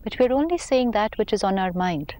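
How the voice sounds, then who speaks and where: A woman on a talk show, calmly explaining spiritual ideas with everyday examples. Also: mid-range voice, a little fast. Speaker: spiritual teacher.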